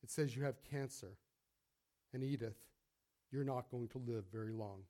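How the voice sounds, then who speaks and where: A man voicing a gentle, sorrowful male doctor who speaks softly and heavily. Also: medium pitch, normal speed, voice pushed down, natural voice. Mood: somber. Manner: soft and heavy-hearted. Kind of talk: sermon storytelling.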